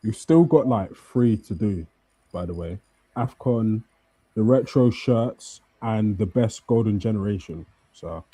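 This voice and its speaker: A man's voice: lowish voice, lively intonation, measured pace, dark tone, breathy edge, dry recording. A man co-hosting a casual football chat in a laid-back, agreeable way. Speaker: co-host.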